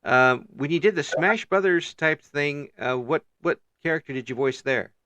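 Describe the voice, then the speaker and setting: A man hosting an interview, encouraging and measured, summing up his guest's answers. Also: on the high side, pushed and bright, no echo, dull audio. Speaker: interview host. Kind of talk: casual interview.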